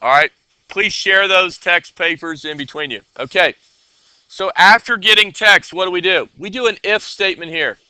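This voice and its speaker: A man with a very bright, clear voice teaches a coding class in a casual way. He keeps checking that the students are with him. The sound is dry and close. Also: high voice, moderate pace, dry recording.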